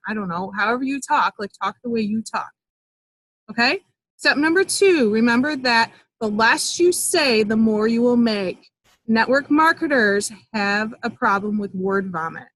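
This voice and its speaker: A woman's voice: on the high side, moderate pace, fairly bright tone, no room sound, rough recording. Chatty upbeat woman coaching on a call. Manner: chatty and upbeat, with fillers and acted-out example dialogue. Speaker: network marketing coach. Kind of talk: live online training call.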